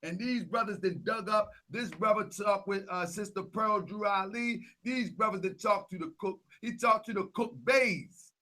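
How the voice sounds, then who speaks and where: A young man hosting a casual vlog, talking through a set of photos. He repeats himself a lot and grows louder and more animated as he gets worked up. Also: high voice, normal speed, few pauses. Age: young adult. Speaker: Grand Sheik and channel host.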